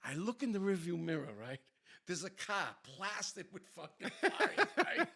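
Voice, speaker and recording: A man hosting a podcast, telling a story in an animated, profane way and acting out the scenes. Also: high-pitched, a little slow, vocal fry. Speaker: podcast host. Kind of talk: casual storytelling.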